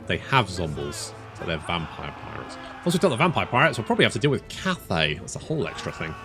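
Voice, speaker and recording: A man's voice: sits low, wildly swooping pitch, fast, music in the background. A man giving casual commentary while playing a strategy game, thinking aloud, restarting phrases, swearing freely and making dry jokes at his own expense. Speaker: strategy game let's player.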